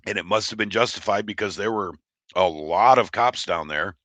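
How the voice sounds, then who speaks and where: Low-voiced, forceful man on a livestream. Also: normal speed, no echo. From Oregon. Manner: rambling, blunt and profane. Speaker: livestream host. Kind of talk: casual livestream chat, reading chat.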